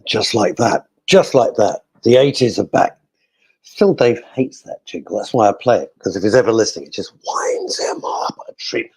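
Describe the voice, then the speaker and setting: A man's voice: on the low side, lively intonation, normal speed, darkish tone, breathy edge. A male radio host chatting casually in a studio, cracking jokes and reading out listener messages. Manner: jokey, rambling, talks to himself.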